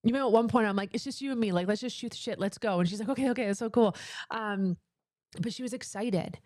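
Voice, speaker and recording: A woman coaching entrepreneurs in a motivational livestream talk, leaning on emphatic repeated phrases between chatty asides. Her voice sits at an ordinary middle pitch. It is recorded close on the microphone in a dry, dead space. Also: fast, a little mellow, no echo. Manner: emphatic, repetitive motivational cadence. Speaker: business coach for female entrepreneurs.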